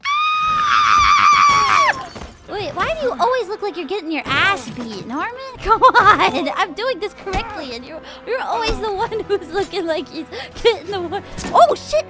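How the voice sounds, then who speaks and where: A woman streamer playing a video game, reacting loudly with laughter and shouts. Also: very high voice, sing-song, moderate pace, hardly any pauses. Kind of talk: let's play commentary. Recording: game music playing behind.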